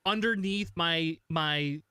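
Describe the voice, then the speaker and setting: Male co-host, skeptical and blunt, smooth, somewhat high voice, dry sound. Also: slow pace, bright, forceful tone, dry recording. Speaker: podcast co-host. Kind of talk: casual chat.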